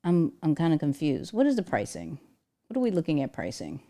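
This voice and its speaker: A woman hosting a casual livestream, talking in an animated, slangy way and laughing often. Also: deep voice, fairly quick. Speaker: livestream host.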